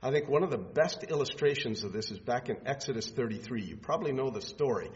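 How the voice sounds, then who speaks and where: A man, a pastor, preaching a sermon in measured, emphatic phrases with pauses. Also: medium pitch, lively intonation. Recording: muffled sound in a reverberant hall.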